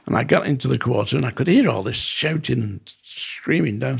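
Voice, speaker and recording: A man with a gravelly, husky voice recounts his time as a prison officer on a podcast. He tells it casually, at a middle pitch, and lively acts out what each person said. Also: fairly quick. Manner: animated, acts out quoted dialogue. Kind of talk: casual storytelling.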